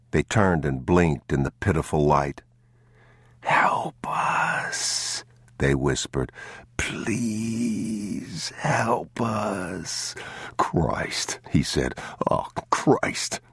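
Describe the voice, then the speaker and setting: A man narrating an audiobook in a grave, measured, somber manner. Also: very deep voice, no room sound, studio quality. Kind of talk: scripted narration.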